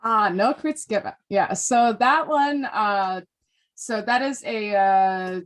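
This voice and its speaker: A woman's voice: mid-range voice, takes it slowly. A woman with a Midwestern American accent, chatting as a podcast guest, bubbly and laughing often. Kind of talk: casual chat.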